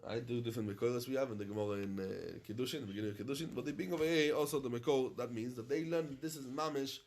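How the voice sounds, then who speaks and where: A rabbi teaching a Talmud class to students, chanting the Aramaic text and then explaining it in English, often halting and repeating himself. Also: male voice, mid-range voice, darkish tone. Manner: halting, with frequent restarts and repetition. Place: study hall in London.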